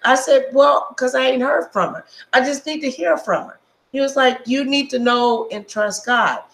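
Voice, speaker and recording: A woman hosting a casual live stream, telling stories in an animated, blunt way and swearing freely. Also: high-pitched, normal speed, echoey room, low-quality recording.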